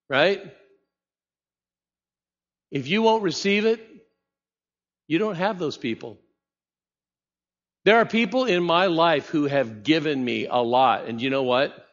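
Pastor preaching in a reverberant hall. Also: male voice, medium pitch, a bit bright. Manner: conversational preaching with rhetorical questions. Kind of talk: sermon. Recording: muffled sound in a reverberant hall.

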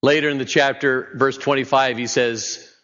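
A man's voice: mid-range voice, fairly even intonation, moderate pace, a bit bright, in a large hall, lo-fi sound. A man preaching a sermon in a conversational way, often putting questions to his listeners. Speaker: pastor.

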